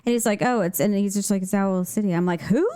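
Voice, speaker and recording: A woman's voice: medium pitch, quick pace, clear, resonant tone. A woman co-hosting a podcast, chatting casually and laughing through her stories. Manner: laughing, expressive storyteller. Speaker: podcast co-host. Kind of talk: casual chat.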